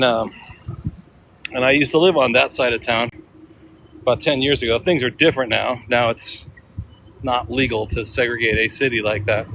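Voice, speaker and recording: Casual livestream host, male, mid-pitched voice, talks to his viewers with faint city noise behind. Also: fairly bright tone, rough recording. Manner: chatty, talks to viewers and off-camera people, thinks aloud. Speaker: livestream vlogger. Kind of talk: casual walking livestream chat. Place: outdoors on city streets, riding in a vehicle.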